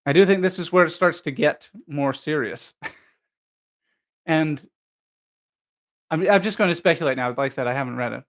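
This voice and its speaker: Man reading a ghost story aloud. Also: on the high side. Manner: measured narration, then musing unscripted commentary. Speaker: host reading a novel aloud. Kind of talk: live book reading.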